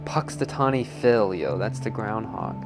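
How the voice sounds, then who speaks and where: A man's voice: lowish voice, expressive, a little slow, over music. A man who makes pottery, chatting in a rambling, joking way with lots of fillers. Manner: rambling, filler-heavy, jokey. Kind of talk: casual interview chat.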